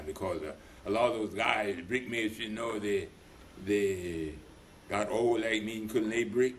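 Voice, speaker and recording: An older man with a fairly low voice recounts his working life in a loose, rambling way. He slips into other people's voices as he retells conversations, and faint noise hums under the recording. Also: normal speed. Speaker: veteran being interviewed. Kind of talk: oral history storytelling.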